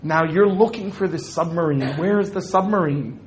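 A man gives a humorous religious talk, joking with the audience and acting out little scenes as he goes. His voice sits a little high for a man, with a faint hum of noise underneath. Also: moderate pace. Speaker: speaker at an Islamic talk.

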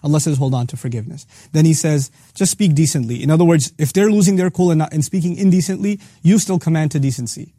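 A man gives a religious lesson at a rapid clip, his voice mellow and soft-edged. He explains each verse earnestly, restating it several ways and slipping quickly into Arabic recitation. The sound is dry and close, with no room around it. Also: fairly high pitch, no echo. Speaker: Quran teacher hosting a series.

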